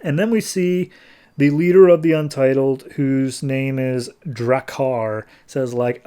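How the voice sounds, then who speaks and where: A man hosting a comic book podcast, casually recapping an issue with quick, animated quoted lines. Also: mid-range voice, smooth.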